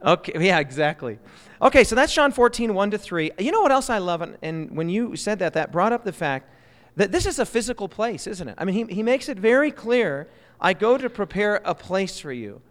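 Man, high voice, church Bible lesson teacher, lively, quizzes the group, long hall reverb. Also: a little fast.

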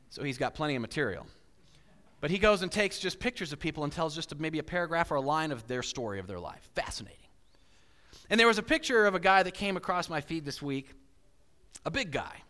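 A man preaching a sermon, telling stories in an animated way and acting out inner voices with big swings. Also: a little high, quick pace. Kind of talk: sermon with storytelling. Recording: hall reverb.

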